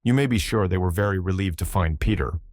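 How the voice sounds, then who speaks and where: A man narrating a classic children's story in a measured storytelling manner. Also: sits low, darkish tone, no echo, studio quality. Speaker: audiobook narrator. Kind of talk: scripted narration.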